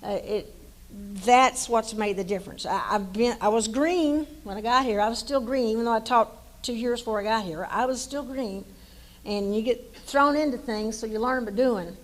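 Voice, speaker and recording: Older woman, East Texas accent, retired coach, warm rambling anecdotes with restarts, slightly high voice. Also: moderate pace, low-quality recording. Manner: folksy storytelling with many restarts. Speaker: hall of fame inductee, former coach. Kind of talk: banquet acceptance speech.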